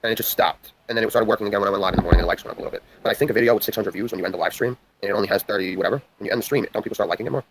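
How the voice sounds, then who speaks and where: A young man races through a long story at a very fast clip, with a low voice that swings between loud outbursts and hushed asides. He swears constantly and rambles from one point to the next. A faint hiss of background noise sits under his voice. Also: poor audio. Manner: profane, rambling, intense. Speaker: livestream host.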